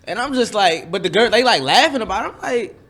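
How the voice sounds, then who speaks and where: A man co-hosting a podcast with friends, his voice sitting a little higher than most. He tells stories in a loose, animated and profane way, getting louder as he goes. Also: quick pace, soft background music. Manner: animated storytelling, loud and profane. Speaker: podcast co-host. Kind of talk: casual chat.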